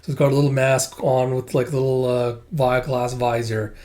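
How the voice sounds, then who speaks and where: A man's voice: medium pitch, flat delivery, moderate pace, dark tone. A man casually recapping a comic book, loose and chatty, with filler words and restarts.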